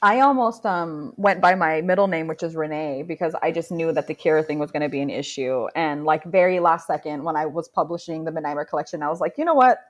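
A woman's voice: low voice, brisk, few pauses. A woman co-hosting a podcast in casual chat, telling stories animatedly and laughing often. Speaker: podcast co-host.

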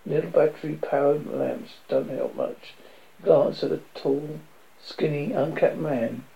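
Gravelly man reading a novel aloud. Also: highs cut off. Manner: reads with slips and restarts, lifts pitch for quoted speech. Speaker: reader.

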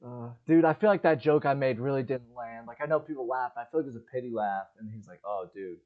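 A young man co-hosting a casual podcast, his voice at an ordinary middle pitch. He tells stories with lots of energy and acts out what his friends said. The recording is dull and lo-fi. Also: fast. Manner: animated storytelling, acts out friends' lines. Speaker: podcast co-host. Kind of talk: casual chat.

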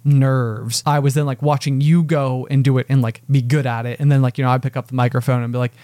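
A man's voice: mid-range voice, little pitch movement, quick pace, dark tone, dry recording. Rambling man chatting on a podcast. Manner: rambling, self-deprecating, heavy on filler "like". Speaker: podcast co-host. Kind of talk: casual chat. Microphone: podcast mic with headphones.

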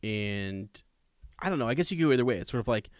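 A man's voice: mid-range voice, lively intonation, fast, no room sound, clean studio sound. A man in casual conversation about a book, talking in a rambling way with many restarts and emphatic asides. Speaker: podcast co-host discussing a book. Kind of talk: casual chat with read-aloud passages.

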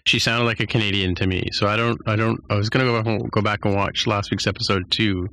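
A man's voice: on the low side, fairly even intonation, fast, bright, forceful tone, dry recording. A man co-hosting a podcast who chats casually and keeps checking with the others by asking "right?". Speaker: podcast co-host. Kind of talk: casual chat.

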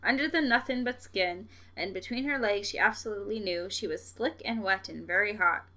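Bright-voiced young woman reading aloud. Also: medium pitch. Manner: reads in a slow, deliberate cadence, breaking into giggles. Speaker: podcast co-host reading a story aloud. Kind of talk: reading aloud on a livestream, with joking asides.

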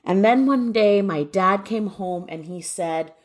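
A woman's voice: mid-range voice, unhurried. A young woman who grew up in Canada, telling a funny childhood story with playful voices. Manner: lively comic storytelling with mock voices. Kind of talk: told personal story.

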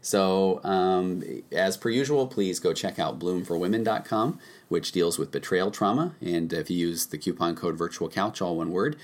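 A man hosting a podcast, casually reading his intro and sponsor spots with frequent ums. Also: low voice. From United States. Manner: relaxed, with frequent ums and uhs. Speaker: podcast host.

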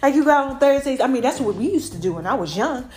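Woman from the us doing her own podcast, talks straight to y'all, bit high pitched. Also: quick pace. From United States. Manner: chatty and animated, addresses listeners as y'all. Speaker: podcast host. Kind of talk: casual solo podcast talk.

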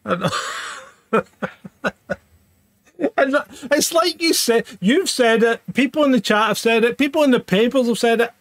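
A man's voice: very high-pitched, moderate pace, pauses often, a bit bright, dry recording, clean studio sound. A man co-hosting a live-streamed chat show, sweary and teasing, who laughs often. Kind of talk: casual chat. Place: home.

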